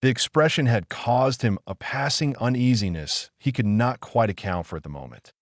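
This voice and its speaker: A man reading a horror audiobook in a measured, somber storytelling manner. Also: mid-range voice, lively intonation, no echo, clean studio sound. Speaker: narrator. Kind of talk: scripted horror audiobook narration.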